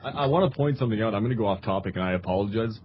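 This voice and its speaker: A man chatting on a panel in a low-key, apologetic way. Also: very fast. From Canada. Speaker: podcast panelist. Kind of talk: casual group chat. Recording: dull lo-fi call audio.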